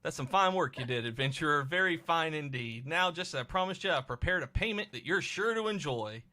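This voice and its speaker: A man's voice: a little high, expressive, fairly quick, pushed and bright, pitched above the performer's own voice. A man voicing a beefy, greedy male businessman with a put-on Cockney accent and hearty salesman patter.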